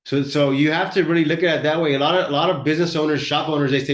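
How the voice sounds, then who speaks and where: A man's voice: on the high side, fairly even intonation, quick pace, hardly any pauses, reverberant. A man hosting a live business workshop, talking bluntly and conversationally as he coaches other shop owners, often repeating words as he goes. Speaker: host and auto body shop owner.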